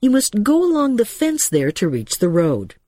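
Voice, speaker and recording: A woman's voice: mid-range voice, huge pitch swings, normal speed, mellow, dry recording, studio quality. A woman voicing a flustered, kind woman who babbles nervously. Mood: firm. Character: flustered middle-aged woman, chatty and kind.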